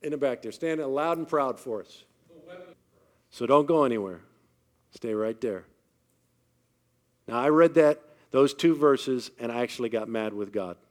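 A man gives a faith-based motivational talk to a live audience, with a medium-pitched voice. He speaks emphatically, often asks the room questions, and builds his points slowly and deliberately.

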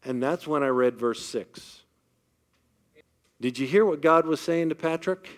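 A man's voice: fairly high pitch, unhurried. A man giving a faith-based motivational talk to a live audience, speaking emphatically and often putting questions to the crowd.

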